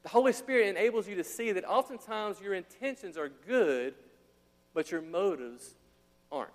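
A man preaching with a high, bright-pitched voice that rises to near shouts when he acts out the people in his story. He keeps dropping casual slang between the scripture lines. His voice rings with a long reverb, as in a big hall. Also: moderate pace. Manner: animated preaching, acting out quotes, casual slang asides. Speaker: pastor. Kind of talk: sermon.

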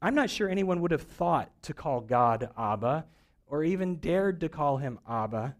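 Speaking at a moderate pace with lively intonation, this slightly high-voiced man delivers a sermon. He's a pastor who keeps it casual and funny, performing small character voices for the jokes.

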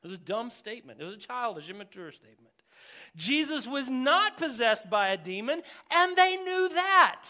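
A male pastor preaching a verse-by-verse sermon, animated and joking as he speaks to his congregation. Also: high voice, brisk.

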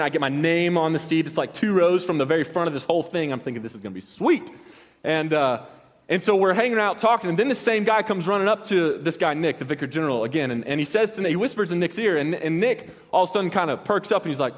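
Fast-talking pastor in a reverberant hall. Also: male voice, on the high side. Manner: casual, rambling, with slangy asides and many restarts. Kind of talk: storytelling sermon.

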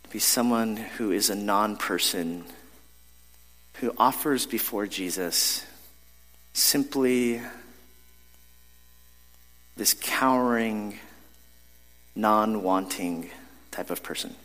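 Conversational pastor in a reverberant hall. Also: male voice, lowish voice, slow, long pauses, fairly bright tone. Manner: conversational, self-deprecating storytelling with frequent restarts. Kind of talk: sermon. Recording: long reverb of a large hall.

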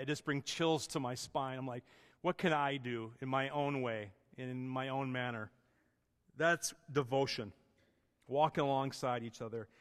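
A man's voice: medium pitch, a bit bright, long reverb tail. A man preaching a sermon as pastor, earnest and conversational, with restarts and plain everyday phrasing.

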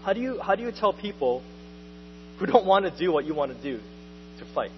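A young man preaching a sermon in a casual, lively way, full of slang and little asides. His voice sits a bit high. It rings with long reverb through the church hall, and the recording is dull with a faint hum underneath. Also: brisk. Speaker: pastor.

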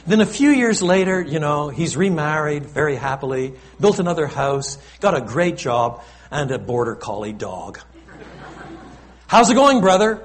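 A man preaching a sermon in a lively, conversational style, often turning to the congregation with little asides. His voice sits slightly high and rises and falls a great deal. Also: moderate pace, hardly any pauses. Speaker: pastor.

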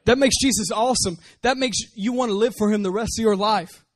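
High-voiced emphatic preacher man. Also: a little fast, no room sound. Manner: emphatic, repeats rhetorical questions. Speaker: pastor. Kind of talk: sermon.

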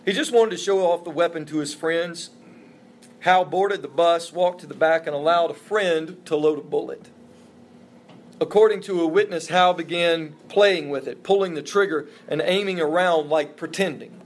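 A man's voice: a little high, normal speed. Earnest man preaching a sermon. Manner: earnest, emphatic preaching with repeated phrases. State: emotional, voice breaking. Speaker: pastor.

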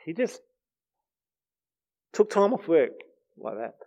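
A man's voice: a little high, very animated, slow pace, vocal fry, a little mellow. A man preaching a heartfelt, earnest sermon. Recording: dull lo-fi recording.

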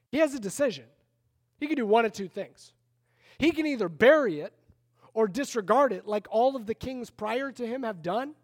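A man preaching a sermon in a conversational, animated way, retelling a story with frequent restarts. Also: extremely high pitch. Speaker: pastor.

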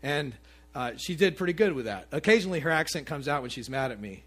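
A pastor preaches a sermon to his congregation, conversational and animated, with asides to the listeners. His voice is on the high side, and he talks fast.

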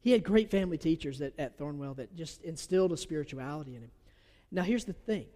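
An earnest pastor with a Southern accent delivers a sermon, his voice a little high for a man. He pushes some words out loud and drops others almost to a whisper. The room rings with a long reverb, like a large church hall. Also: expressive, fast. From Georgia. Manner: earnest, swings from loud emphasis to soft near-whisper.

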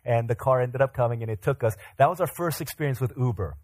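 Male pastor, mid-range voice, animated sermon anecdote, dry close sound. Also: mid-range voice, quick pace, no echo. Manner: animated anecdote-telling, acting out quoted voices. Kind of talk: sermon storytelling. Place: church hall.

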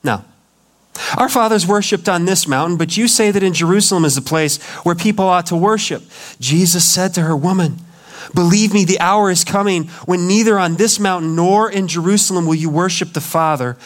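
A man's voice: sits high, moderate pace. A male pastor preaching a sermon, acting out the voices of the people he quotes. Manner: dramatic, acts out quoted voices. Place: church.

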